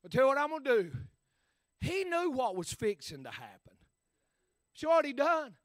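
A man preaching a sermon in a rhythmic style, dotting his phrases with "uh" and swinging between shouted peaks and hushed asides. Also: very high-pitched, huge pitch swings, normal speed, dry recording.

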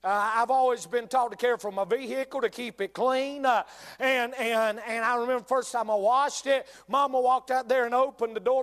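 A man's voice: very high voice, a bit bright. A male pastor with a North Carolina Southern accent, preaching a sermon and speaking straight to his congregation, repeating key lines for emphasis.

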